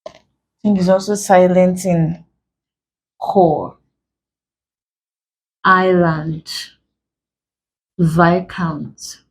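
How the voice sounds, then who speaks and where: A woman tutoring exam pronunciation, speaking deliberately and repeating each example word to drill the sounds. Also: on the low side, fairly even intonation, low-quality recording. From Nigeria. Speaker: English tutor. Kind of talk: exam-prep pronunciation lesson.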